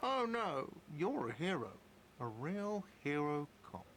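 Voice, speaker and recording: An actor playing a sarcastic cafeteria manager in a game, sneering and dismissive. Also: male voice, a little high, very animated, takes it slowly, fairly bright tone, slight background noise, full character voice, rough recording.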